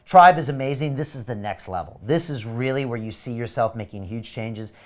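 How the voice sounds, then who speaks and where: This is a live webinar where a male host is selling a course. His mid-range voice moves fairly quickly, and he pushes his audience to sign up with pushy, urgent, emphatic energy.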